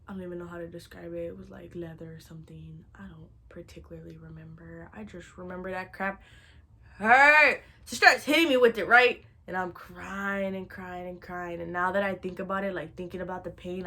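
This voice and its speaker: A young woman telling a funny childhood story in a casual storytime, animated and dramatic, laughing as she goes. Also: fairly low pitch. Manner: animated and dramatic, shouting and wailing re-enactments.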